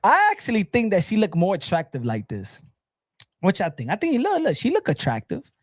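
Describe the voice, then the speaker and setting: A New man rants in a shouty, taunting comedic voice, pitched strikingly high and swinging up and down constantly. His profane jabs land close and dry, with no room sound around them. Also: huge pitch swings, fairly quick, dry recording. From New York City. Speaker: online commentator. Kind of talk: mocking comedic rant.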